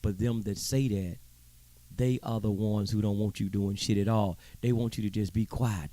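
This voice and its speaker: A man's voice: on the low side, fairly even intonation, normal speed, warm tone, no room sound. A man hosting his own show, delivering a heated, profane commentary monologue with preachy emphasis and stammering repeats. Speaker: show host.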